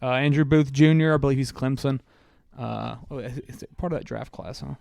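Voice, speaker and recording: Smooth-voiced man musing through a roster. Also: mid-range voice, fairly quick, darkish tone, dry recording, clean studio sound. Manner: reads through a team roster, musing aloud with many "uh"s. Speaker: podcast co-host. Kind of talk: casual sports chat.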